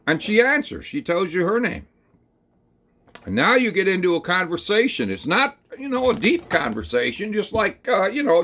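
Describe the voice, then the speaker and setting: A man telling a rambling, folksy second-person story, talking slowly through it with plenty of hesitations and fillers. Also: sits high, sing-song, fairly bright tone. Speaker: channel host.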